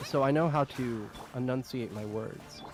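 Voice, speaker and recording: A man's voice: medium pitch, measured pace. Laid-back male streamer, loose and profane, light music underneath. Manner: laughs often, swears casually. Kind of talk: casual chat.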